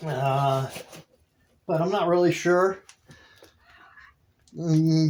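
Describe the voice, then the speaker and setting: A man narrating a casual vlog while checking his worm bin. He talks in a halting, rambling way, restarting his sentences and laughing softly as he goes. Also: a little high, a little hiss or hum. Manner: easily delighted, with soft laughs. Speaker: worm-composting vlogger.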